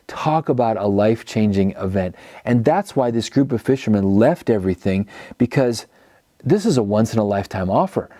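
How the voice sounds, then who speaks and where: A man's voice: fairly low pitch, lively intonation, normal speed, mellow, no room sound, studio quality. A man preaching a teaching sermon, telling the story and acting out quoted speakers. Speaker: pastor.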